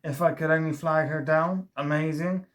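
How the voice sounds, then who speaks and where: A man's voice: a little high, fairly even intonation, moderate pace, fairly bright tone. A man reviewing a vinyl record in a casual monologue, enthusiastic and rambling, full of fillers and restarts.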